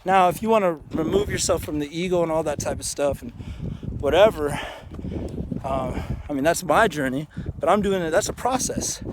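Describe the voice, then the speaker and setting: A man's voice: a little high, moderate pace, noisy background. A man vlogging outdoors in a canyon, giving a casual motivational talk that is earnest, frank and full of swearing. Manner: earnest, frank and profane, with many restarts.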